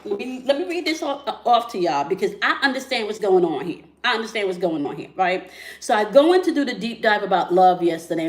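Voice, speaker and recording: In a reverberant space, a woman with a mid-range voice leads a spiritual talk on relationships. Her style is relaxed and chatty, packed with fillers and regular "right?" and "okay?" asides.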